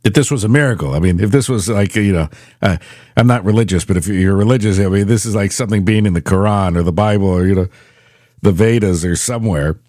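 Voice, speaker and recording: A middle-aged man hosting his own podcast, telling stories in a rambling, animated way with frequent restarts. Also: fairly low pitch, fast talker, dry recording, studio quality. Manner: rambling storyteller, animated, self-correcting. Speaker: podcast host. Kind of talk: casual monologue.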